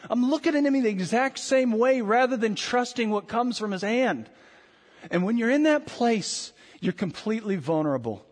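A man preaching a sermon with passion, firing rhetorical questions and swinging from loud to hushed. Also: very high-pitched, animated, moderate pace. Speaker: pastor. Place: church sanctuary. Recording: long reverb of a large hall.

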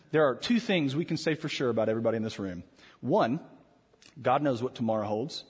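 A man preaching a sermon as pastor, animated and rhetorical, with dramatic pauses. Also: medium pitch, husky. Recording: long hall reverb.

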